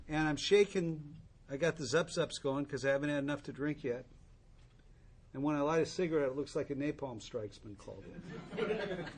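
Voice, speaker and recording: A man's voice: a little high, breathy edge. A man in his sixties tells a humorous, rambling story to an audience at a recovery meeting, with many restarts.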